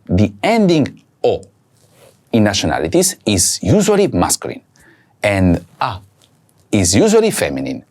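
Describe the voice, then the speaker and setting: With a fairly low, darkish voice and huge swings in pitch, a man teaches a recorded language lesson, slowly pronouncing each word and repeating it for practice.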